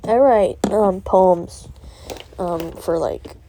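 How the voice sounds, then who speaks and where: A teenage girl venting in a rambling, laugh-filled way, with many fillers and curse words, dropping to a soft whisper at times. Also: on the low side, extremely slow, noisy background. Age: teens. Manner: rambling, full of fillers and swearing, laughing often. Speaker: student vlogger. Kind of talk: rambling personal vent.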